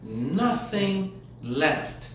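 An aggrieved man pleads that everything was taken from him, as a preacher acts him out. He speaks a little higher than the preacher's usual voice. The sound is echoey and distant. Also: sing-song, extremely slow, a bit bright, a little hiss or hum, full character voice. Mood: indignant. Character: robbed, indignant man pleading.

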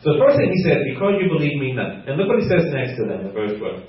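A man preaching a teaching sermon, animated and laughing often, acting out the quotes he reads. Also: medium pitch, quick pace, few pauses. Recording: roomy, distant, muffled.

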